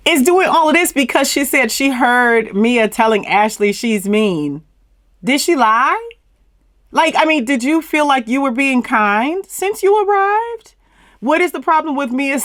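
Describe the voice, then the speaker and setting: A woman with a high-pitched, fairly bright voice speaks a little slowly and with animation, in studio quality with no echo. She hosts a reality-TV recap channel in a casual, sassy, emphatic style, using slang like "plumb fool" and laughing mockingly.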